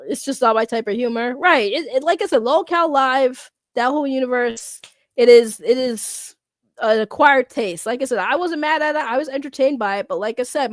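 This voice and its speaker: A woman's voice: sits high, no echo, studio quality. A woman streamer reading her chat aloud in casual, blunt, profane talk, congested from a cold and laughing often.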